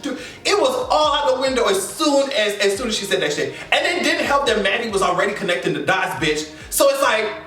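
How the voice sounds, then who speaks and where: A man giving a casual, animated reaction recap of a TV episode, using heavy slang and profanity. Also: extremely high pitch, recorded from a distance. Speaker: recap vlogger. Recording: echoey room, away from mic, faint music.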